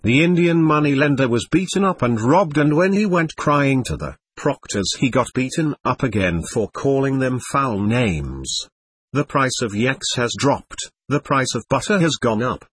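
A man voicing a loud, boisterous male trader who bellows and booms in a storybook reading. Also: expressive, unhurried, husky, dry recording. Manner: bellowing, booming.

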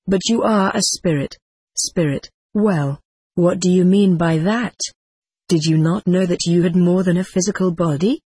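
A woman reading an old text aloud in a plain, steady voice, even speaking the punctuation and section numbers. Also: lowish voice, slightly rough, no room sound. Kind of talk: audiobook reading.

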